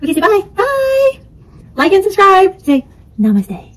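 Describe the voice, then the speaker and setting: High sing-song baby-talking woman. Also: huge pitch swings, measured pace. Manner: sing-song, coaxing, repetitive. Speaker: mother. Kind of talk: baby talk to an infant.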